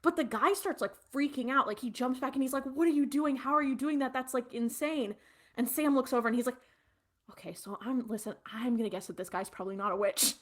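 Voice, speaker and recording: A woman podcast co-host with a fairly high, somewhat bright voice speaks briskly, retelling a TV episode in a rambling, casual recap chat full of fillers.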